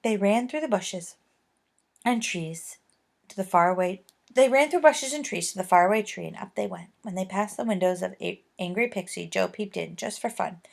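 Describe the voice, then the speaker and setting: Gravelly woman reading a storybook. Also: mid-range voice, moderate pace. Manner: gentle, expressive storytelling. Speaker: reader. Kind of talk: reading a children's book aloud.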